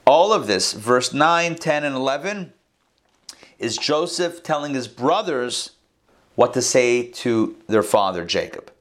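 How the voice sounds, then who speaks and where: A man teaching a scripture lesson verse by verse, in a conversational way with quick asides and restarts. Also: medium pitch, animated, fairly bright tone. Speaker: Torah teacher. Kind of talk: casual verse-by-verse Bible lesson.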